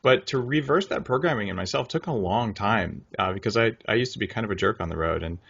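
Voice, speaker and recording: A man hosting a conversational interview, relaxed, and backing his guest with short affirmations. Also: fairly low pitch, quick pace, creaky, husky, highs cut off. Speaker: podcast host.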